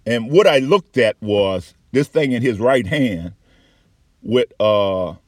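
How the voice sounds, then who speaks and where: A man giving a candid, profane personal account with halting restarts and frequent fillers. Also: mid-range voice, expressive, dry recording, clean studio sound. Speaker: patient recounting an experience.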